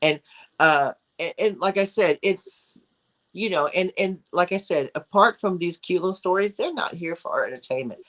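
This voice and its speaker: A woman co-hosting a casual chat show, talking in an animated, rambling way with frequent restarts. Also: lowish voice, moderate pace, poor audio. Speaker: co-host.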